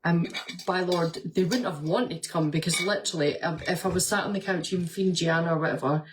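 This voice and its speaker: A woman's voice: lowish voice, fairly even intonation, a little fast, noisy background. A woman vlogger and nurse chatting casually, answering viewer comments and laughing often as she retells stories.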